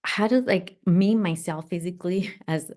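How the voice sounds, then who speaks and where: A middle-aged woman hosting a podcast, telling a personal story in an animated, reflective way. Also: lowish voice, moderate pace. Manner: animated, reflective, acts out voices. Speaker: podcast host.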